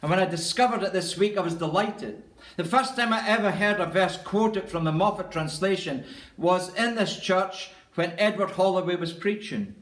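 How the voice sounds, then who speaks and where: A man's voice: sits high, normal speed, a bit bright. A man preaching a sermon as pastor, earnest and emphatic, repeating key phrases for weight. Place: church. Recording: echoey church room.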